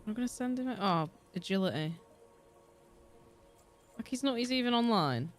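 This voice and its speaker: A woman's voice: fairly high pitch, expressive, moderate pace. A young woman with a Yorkshire accent chatting casually and rambling while she streams a game, swearing freely and often laughing. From Yorkshire, England. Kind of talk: casual livestream chat while gaming. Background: soft background music.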